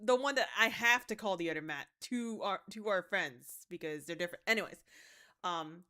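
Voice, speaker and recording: A young woman streaming a game, chatting casually, swinging from mumbles to excited outbursts, swearing and laughing as she tells stories. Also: medium pitch, moderate pace. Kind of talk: casual livestream chat while gaming.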